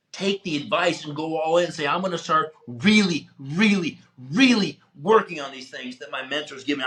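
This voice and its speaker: Male motivational host, coaching style, a bit high-pitched, punchy and forceful. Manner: emphatic, animated coaching, acts out quotes. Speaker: podcast host. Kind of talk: motivational talk.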